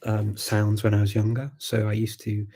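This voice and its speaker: A man with a Scouse accent hosting a live chat, answering viewer questions in a relaxed way, thinking aloud with many pauses and restarts. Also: on the low side, husky. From Liverpool, England. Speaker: host of a live language chat.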